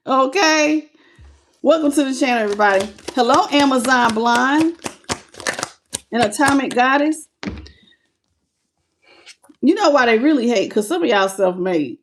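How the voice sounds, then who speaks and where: A woman giving a live tarot reading speaks in a high, bright voice, animated and affectionate, calling listeners baby and greeting them by name. She takes her time, pausing often and laughing frequently between lines.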